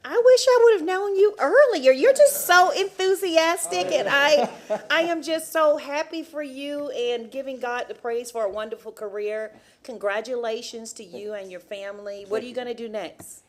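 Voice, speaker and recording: A woman, a council member, gives warm, enthusiastic praise in formal tribute remarks. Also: sits high, moderate pace. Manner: warmly enthusiastic, effusive praise.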